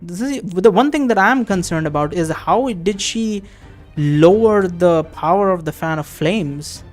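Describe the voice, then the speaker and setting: Over soft background music, this male game streamer speaks in a high, animated, slightly mellow voice without hurrying. His let's-play has him reading a text adventure's passages aloud, with casual chatter and offhand swearing as he thinks aloud in between.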